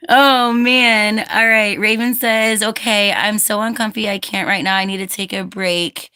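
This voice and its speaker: A woman's voice: mid-range voice, fairly even intonation, a little slow, sharp tone, smooth. A woman hosts a casual livestream and reads out viewer comments. She talks in a loose, chatty way and laughs often, and she turns firm when a commenter gets rude. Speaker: livestream host.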